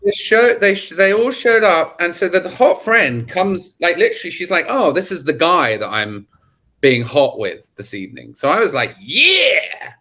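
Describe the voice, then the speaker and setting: A man's voice: high-pitched, normal speed. A man with children, a podcast guest, telling a story in casual chat with lots of swearing and acted-out quotes. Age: adult, has children. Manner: animated, swearing, acts out quotes.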